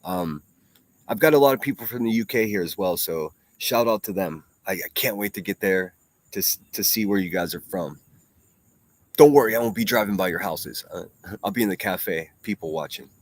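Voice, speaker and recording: A man's voice: low voice, normal speed, no room sound. A man hosting a casual solo livestream, reading viewer comments aloud and talking bluntly with plenty of profanity. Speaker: livestream host.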